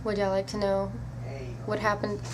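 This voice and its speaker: A woman vlogger telling a story to camera in a casual, animated way, incredulous and swearing offhand. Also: mid-range voice, normal speed, noisy background.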